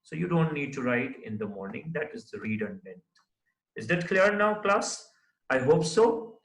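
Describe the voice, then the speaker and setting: A man's voice: medium pitch, very animated, normal speed, creaky. A man teaching a recorded lecture, who explains step by step and keeps checking understanding with "right?". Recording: echoey room.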